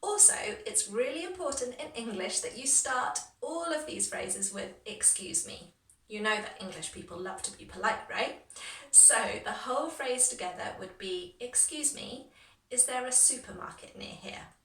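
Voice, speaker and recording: A woman teaching an English lesson, modeling phrases clearly for listeners to repeat, with encouraging words and a rising, exaggerated intonation on the examples. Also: on the high side, animated, moderate pace, a bit bright. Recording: echoey room from a distance.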